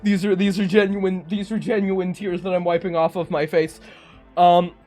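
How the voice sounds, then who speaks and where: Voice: mid-range voice, little pitch movement, normal speed, mellow, faint music behind. A streamer chatting casually on a live stream, joking and laughing often between lines. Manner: joking, laughs often, mock-tearful bits.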